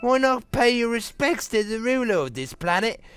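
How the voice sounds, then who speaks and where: A man voicing a cheerful, translucent dove townsman who welcomes visitors in a slow, singsong way, over faint game music. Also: very high voice, sing-song, fairly bright tone, clean tone, pitched above the performer's own voice, full character voice. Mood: cheerful welcoming.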